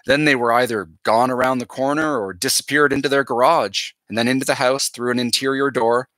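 Man reading a novel aloud, bright tone. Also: medium pitch, fairly even intonation, fairly quick, no room sound. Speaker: teacher.

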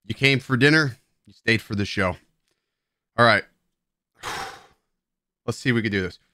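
A man's voice: medium pitch, moderate pace, sharp tone, no room sound, studio quality. A man hosting a live stream, chatting casually and rambling with self-mocking banter toward his viewers, tipsy and playful. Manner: tipsy and playful while drinking beer. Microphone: headset at a streaming desk.

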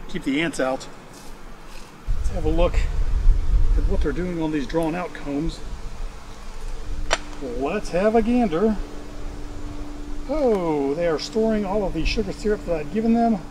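A man's voice: a little high, normal speed. A man with a mixed Georgia and Ohio accent, chatting casually and thinking aloud as he works through his beehives outdoors. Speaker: beekeeper. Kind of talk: casual narration while working hives. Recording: noisy outdoor recording with bee buzz. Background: buzzing bees and outdoor ambience.

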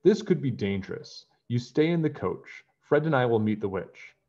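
A man's voice: mid-range voice, lively intonation, moderate pace, warm tone, lo-fi sound, lightly acted. A man voicing a spoiled, picky young prince in a storybook. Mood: determined. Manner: impatient, spoiled.

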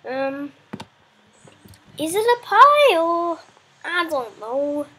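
High-voiced playful woman gaming. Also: very animated, extremely slow, pushed and bright. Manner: playful rambling chatter, talks to game animals. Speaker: let's play host. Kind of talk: casual gameplay commentary.

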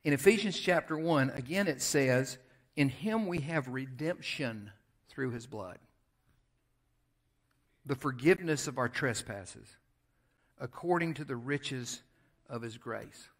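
Southern American pastor preaching. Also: male voice, medium pitch, expressive, slow pace, long pauses. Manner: conversational storytelling, shifting between loud emphasis and quiet asides. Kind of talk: sermon. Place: church sanctuary.

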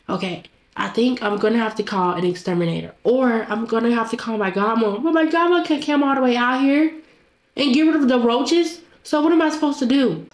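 A woman's voice: medium pitch, roomy sound. A young woman voicing a game role-play monologue, talking to herself in a dramatic, panicky way. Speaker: Roblox roleplay voice actor.

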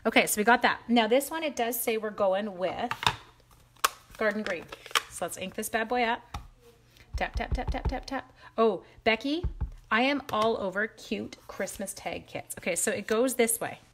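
A woman with a slightly high voice hosts a live crafting stream at a moderate pace, background noise audible. She chats with viewers by name and jokes at her own expense whenever something goes wrong.

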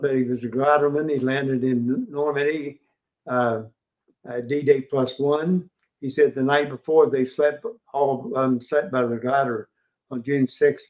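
An older man with a West Virginian accent gives a casual history talk at a museum, his mid-range voice halting, full of fillers and restarts.

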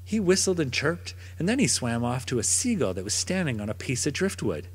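A man reading a children's picture book aloud in a gentle, expressive storytelling manner. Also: medium pitch, brisk, husky. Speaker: storybook narrator. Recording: long reverb.

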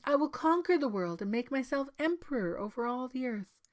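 A woman's voice: sits high, expressive, normal speed, pitched above the performer's own voice. A woman voicing a scheming, greedy male prime minister in a read-aloud story, speaking in a sly, insistent way.

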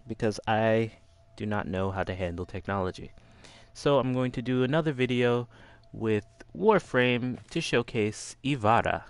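A man's voice: on the low side, measured pace, smooth, dry recording. A man hosting a casual game walkthrough, rambling and poking fun at himself. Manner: rambling, self-deprecating. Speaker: gaming video host.

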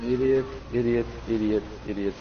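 A man's voice: mid-range voice, fairly even intonation, normal speed. A man streaming a game with a friend, joking, swearing often and putting on silly voices for the characters on screen. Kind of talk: casual gameplay chat with a friend. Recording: dull lo-fi stream audio with faint hiss.

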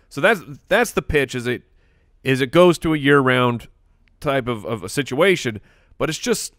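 A man's voice: mid-range voice, lively intonation, normal speed, fairly bright tone, no echo, studio quality. A man co-hosting a sports podcast in casual chat, joking and teasing his co-hosts. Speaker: podcast co-host.

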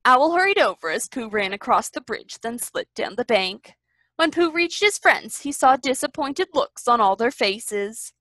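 Library storyteller, woman, lively sing-song read-aloud, fairly high. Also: a little slow, no echo.

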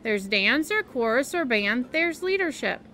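A woman's voice: a little high, sing-song, measured pace, pushed and bright, heavily acted. A woman doing an eager polite schoolgirl. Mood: earnest. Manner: eager, scolding when needed. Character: earnest polite schoolgirl, about ten.

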